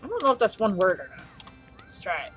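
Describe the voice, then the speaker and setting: Playful, lively woman gaming with a child. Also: medium pitch, fast talker. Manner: playful, laughs often, coaxes the child along. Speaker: gameplay video host playing with a child. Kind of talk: casual let's-play chat. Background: faint chiptune music.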